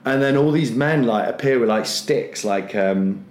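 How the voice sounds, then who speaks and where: A man's voice: mid-range voice, unhurried, darkish tone. A man, a comedian and podcast co-host, telling a loose, rambling comic story full of fillers and acted-out voices. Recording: roomy echo.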